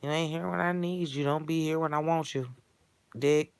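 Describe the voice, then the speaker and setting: A woman delivering a blunt, foul-mouthed comedic rant in streetwise slang that builds to shouting. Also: sits low, fairly even intonation, a little fast, vocal fry, smooth, no echo. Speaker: character monologue performer.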